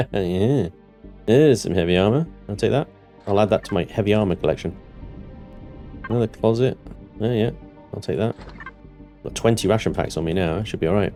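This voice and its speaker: A man giving let's-play commentary on his game, thinking aloud and breaking into panicked yelling and joking curses. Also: on the low side, normal speed, long pauses, soft background music. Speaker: gaming channel host.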